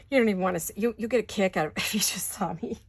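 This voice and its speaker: A woman's voice: medium pitch, slightly rough. A middle-aged woman chatting casually while she does paper crafts. She talks to herself as she works and giggles often.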